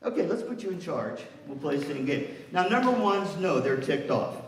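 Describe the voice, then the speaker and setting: A man presenting an energetic, interactive workshop, coaching an audience through a partner exercise. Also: fairly high pitch, a little fast. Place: large hall with an audience. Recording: far-off echoey hall with room noise.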